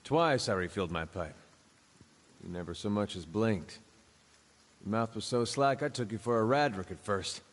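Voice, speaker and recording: An actor voicing a big, smoking, wry man in a fantasy video game, speaking in a dry, sardonic, unhurried way. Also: on the low side, close to an everyday voice. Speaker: game character. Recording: long reverb.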